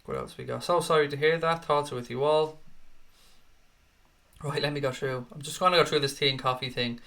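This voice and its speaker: A man's voice: fairly high pitch, steady tone, vocal fry, a bit bright. A middle-aged man, hosting a casual live stream, reading viewer comments and ranting with plenty of swearing. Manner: sweary, quick to rant in mock outrage. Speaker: host.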